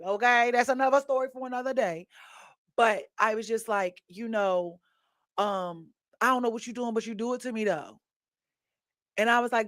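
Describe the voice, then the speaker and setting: A woman hosting a podcast, talking in a chatty, animated storytelling way with asides to her listeners. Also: fairly high pitch, dry recording. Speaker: podcast host. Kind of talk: casual monologue.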